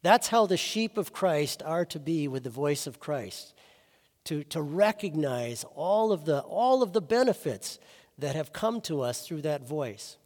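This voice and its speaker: A man's voice: fairly high pitch, sing-song, a little slow, darkish tone, long reverb tail. A man preaching a chapel sermon as chaplain, earnest and storytelling, rising for emphasis.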